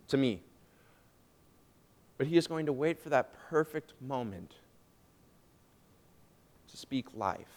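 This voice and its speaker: A young man giving a personal faith testimony, emotional and swinging from hushed, drawn-out phrases to loud, emphatic ones. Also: a little high. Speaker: student speaker giving testimony.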